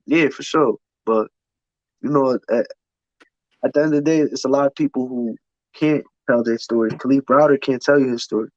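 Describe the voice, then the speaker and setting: A man's voice: mid-range voice, normal speed, dry recording. A man in an interview telling his life story candidly, emphatic and profane, often repeating words as he restarts. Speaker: interview guest. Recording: dull lo-fi sound, dry.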